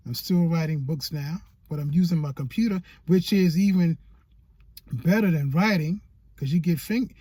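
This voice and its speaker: A man's voice: fairly high pitch, mellow, dry recording, studio quality. A man giving motivational vlog talk as a YouTube coach, preachy and repeating phrases for emphasis.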